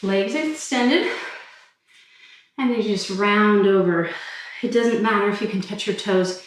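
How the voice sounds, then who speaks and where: A woman fitness instructor calmly talking listeners through a stretching cool-down while doing it herself. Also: mid-range voice, measured pace. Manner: calm, encouraging cues while demonstrating stretches. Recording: very echoey room, mic far off.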